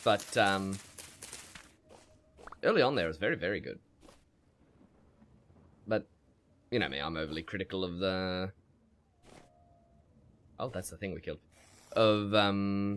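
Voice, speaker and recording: A man's voice: lowish voice, slight background noise. A man streaming a survival game, chatting with viewers and narrating his fights with lots of laughter. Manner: animated, laughs often, talks to himself. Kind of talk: gameplay commentary with chat reading.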